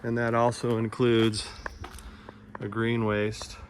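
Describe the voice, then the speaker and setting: A man with a Californian accent giving a relaxed outdoor garden demonstration, explaining plainly with small asides. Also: medium pitch, slow pace, slight background noise. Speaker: nursery gardener.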